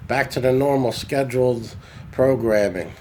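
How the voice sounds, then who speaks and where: A man talks straight into a phone camera in a casual, rambling way. He corrects himself often and keeps the chat loose. His pitch sits in a middle range for a man, and a faint hiss runs behind him. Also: a little slow, darkish tone. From New York. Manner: rambling, chatty, self-correcting. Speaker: podcast host. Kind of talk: casual storytelling monologue.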